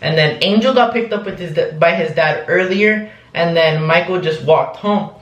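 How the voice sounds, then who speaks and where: A man's voice: fairly high pitch, normal speed, fairly bright tone, reverberant, low-quality recording. A young man recounting a story in a rambling, casual vlog, full of "like" and "um". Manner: rambling, lots of "like" and "um". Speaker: vlogger.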